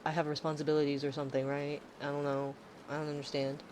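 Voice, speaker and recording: A woman's voice: deep voice, monotone, quick pace, darkish tone, slight background noise, poor audio. A woman in her thirties chatting casually on a live stream, rambling and sarcastic, swearing freely.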